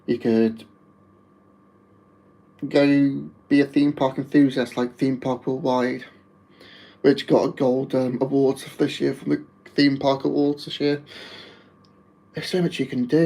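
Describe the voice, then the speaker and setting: A man's voice: medium pitch, little pitch movement, unhurried, vocal fry, pauses often, mellow, rough recording. A man with a Wolverhampton accent chatting casually on a live stream, rambling and laughing often.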